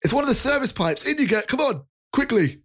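A man's voice: extremely high pitch, sing-song, a little fast, fairly bright tone, voice pushed up, heavily acted. A man voicing a cheerful, rotund human with rosy cheeks who talks in an eager, apologetic rush.

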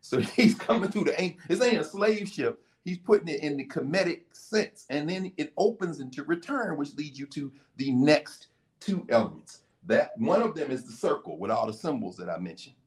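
A man's voice: on the high side, normal speed. A man, a guest, explaining in a casual way and telling it like a story, now and then acting out what people said. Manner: animated, storytelling, acts out quotes.

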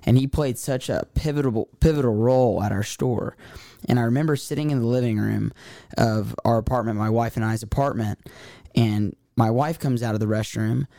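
A man with a dark, mellow tone, recorded dry and close. He co-hosts the conversation, telling a story in halting bits and circling back over his own words. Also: medium pitch, gravelly, no echo. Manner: halting, repeats himself while telling a story. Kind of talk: conversational interview.

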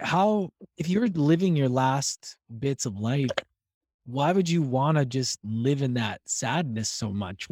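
A man's voice: mid-range voice, a little mellow, no echo, studio quality. A man hosting a podcast, talking in a casual, reflective and affirming way. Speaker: podcast host. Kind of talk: casual conversation.

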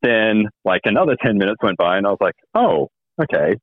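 Low-voiced man on a tinny phone line. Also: quick pace. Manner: wry, hesitant with many ums. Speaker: guest. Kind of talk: casual storytelling.

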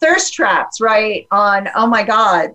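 A woman talking openly in a casual podcast conversation, animated and full of fillers and restarts. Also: mid-range voice, takes it slowly, poor audio.

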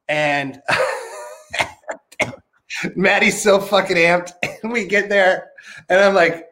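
A man's voice: high voice, slow pace, pauses often, bright, forceful tone. A man chatting casually as a podcast guest, telling rambling, profane stories full of fillers.

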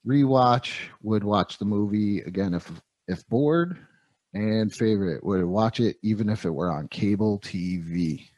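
A man's voice: fairly low pitch, a little slow, darkish tone, no echo. A man hosting a casual movie review podcast, rambling enthusiastically about action heroes. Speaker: podcast host.

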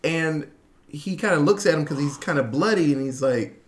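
Animated man recapping a movie. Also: fairly high pitch, normal speed, background noise. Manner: animated retelling with quoted voices, laughing, swearing. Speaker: podcast co-host. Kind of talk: casual movie recap chat.

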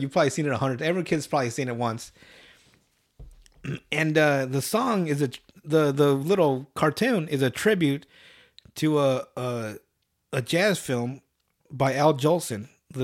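A man's voice: fairly high pitch, expressive, moderate pace. Laughing, foul-mouthed man recapping a cartoon. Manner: loose and profane, laughing often. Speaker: podcast host. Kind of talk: casual chat recapping a cartoon episode.

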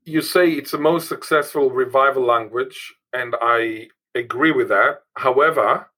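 A man's voice: mid-range voice, unhurried, bright, forceful tone, rough recording. A man from Israel, a linguist guest, talking emphatically and restating his points. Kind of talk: emphatic interview talk.

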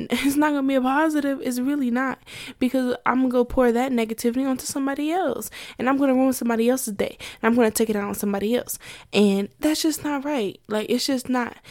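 Chatty young woman, higher voice. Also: a little mellow, no echo, studio quality. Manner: candid, chatty, laughs often between points. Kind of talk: casual monologue to listeners.

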